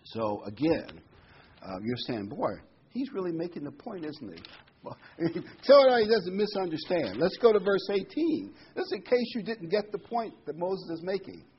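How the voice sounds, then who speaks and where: A man preaching a Bible study, reading verses slowly with heavy emphasis and then explaining them in a casual, conversational way. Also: sits high, sing-song, husky, dull audio.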